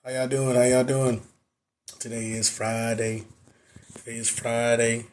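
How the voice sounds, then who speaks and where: A hoarse young man, a nurse and exam coach, chatting loosely on his livestream into a phone and repeating his greetings. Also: mid-range voice, flat delivery, unhurried. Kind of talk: casual livestream chat.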